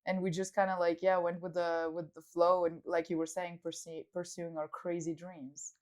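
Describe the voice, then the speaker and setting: A woman's voice: lowish voice, level tone, normal speed, darkish tone. A woman in her thirties from Belgium with a French-speaking Belgian accent, co-hosting a podcast in casual chat, laughing often and using lots of fillers. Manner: laughing, agreeing, filler-heavy. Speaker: podcast co-host.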